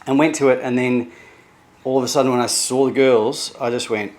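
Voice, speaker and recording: Middle-aged man from New Zealand, personal vlog, halting, emotional, mid-pitched voice. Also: steady tone, darkish tone. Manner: halting and emotional, with many restarts and self-quotes. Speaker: vlogger sharing therapy progress. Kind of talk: candid personal vlog monologue.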